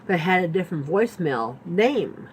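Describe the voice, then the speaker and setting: A woman's voice: fairly low pitch, big pitch swings, normal speed, slight background noise. Rambling woman telling a storytime tale. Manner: rambling, repetitive, lots of "like" and "you know". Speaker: vlogger telling a personal story. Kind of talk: storytime vlog.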